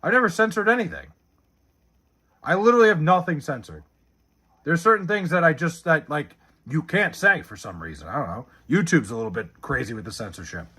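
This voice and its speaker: A man's voice: a little high, sing-song, brisk, sharp tone, slightly rough. A man casually chatting on a live stream, reading chat messages and answering with profane, sarcastic banter.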